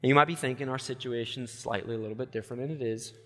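A man preaching a sermon, earnest, with quick asides and slow emphatic lines. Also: mid-range voice, fairly even intonation, long reverb tail. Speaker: pastor.

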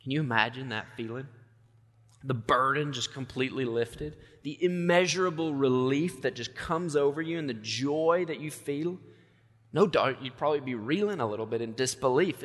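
A man preaching a sermon, earnest, with quick asides and slow emphatic lines. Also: mid-range voice, lively intonation, fairly bright tone, long reverb tail. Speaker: pastor.

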